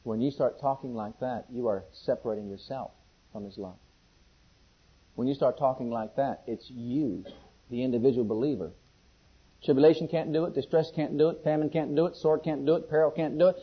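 A man preaching a sermon, shifting between loud, ringing scripture questions and hushed, intimate pleading, with questions put to the congregation. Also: mid-range voice, fairly quick, slightly rough. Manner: call-and-response questions to the congregation. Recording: dull, lo-fi sermon recording.

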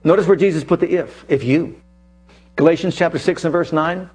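A male preacher giving an animated sermon, telling a personal story and reading scripture aloud with emphasis. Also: a little high, brisk, slightly rough.

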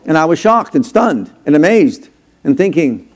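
A man in his sixties preaching a conversational sermon as pastor, acting out quoted lines and growing louder when worked up. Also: fairly high pitch, expressive, a little slow. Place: church sanctuary.

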